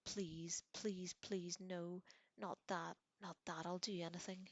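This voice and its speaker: A woman voicing an old male wizard headmaster who begs in slow, broken pleas, as whispered role-play. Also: on the low side, level tone, dry recording. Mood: anguished pleading.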